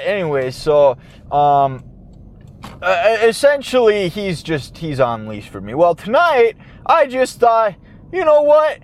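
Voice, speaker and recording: A man hosting a podcast, telling a rambling story in casual chat from his car, animated and swearing, trailing off and restarting. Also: high voice, slow. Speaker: podcast host. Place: in his car, parked then driving. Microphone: handheld audio recorder.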